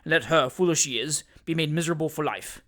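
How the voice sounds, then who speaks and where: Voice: medium pitch, quick pace, fairly bright tone, close to an everyday voice. A narrator voicing blunt old Wardle. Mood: indignant. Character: blunt, hot-tempered older country gentleman. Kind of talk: audiobook character reading.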